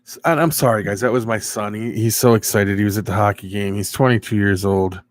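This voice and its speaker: Middle-aged male streamer, lowish voice, loose rambling chat with viewers. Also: fairly even intonation, a little fast, no echo. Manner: rambling, chatty, reads viewer comments. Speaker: live stream host. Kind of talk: casual live stream chat.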